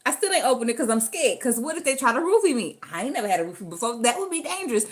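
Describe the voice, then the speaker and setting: A woman's voice: a little high, rapid-fire. A woman, telling a story casually and dramatically. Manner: animated, dramatic, acts out voices in her story. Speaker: storyteller vlogger.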